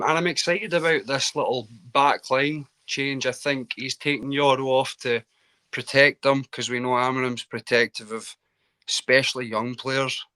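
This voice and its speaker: Scottish man, bright forceful voice, caller on a video call, chatty, jokey, halting. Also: mid-range voice. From Scotland. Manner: chatty, self-deprecating, with many restarts. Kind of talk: casual football chat.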